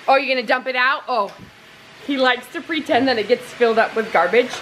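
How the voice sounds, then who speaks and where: A woman's voice: on the high side, brisk, fairly bright tone. A young woman and mother chatting casually in a family vlog at home and in the backyard, playful and sing-song with her toddler. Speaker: vlogger, mother. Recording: noisy home video with breeze.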